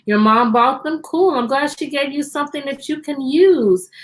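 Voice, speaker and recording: A woman's voice: sits high, normal speed. A woman teacher hosting a live-streamed storytime from her computer at home, cheerfully greeting children by name.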